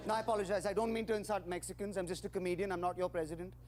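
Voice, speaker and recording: A man's voice: sits high, fairly even intonation, racing, very noisy. A man from India with an Indian accent, performing a stand-up comedy set and speaking straight to the crowd in punchy bursts. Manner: punchy joke delivery, talks straight to the crowd.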